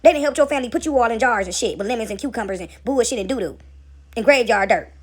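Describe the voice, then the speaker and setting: A woman preaching casually on a home video, animated and slangy, swearing freely and often laughing. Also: on the high side, quick pace, husky. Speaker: spiritual video creator and mother. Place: home, seated with dogs nearby.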